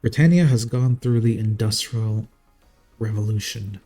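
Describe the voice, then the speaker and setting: A man's voice: fairly low pitch, measured pace, mellow, husky, faint music behind. A man casting a strategy game live in a casual, jokey, chatty way. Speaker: game caster.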